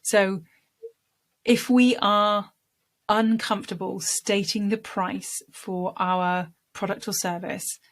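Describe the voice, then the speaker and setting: Female speaking coach, chatty direct-to-camera lesson, demonstrates techniques, medium pitch. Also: fairly even intonation, takes it slowly.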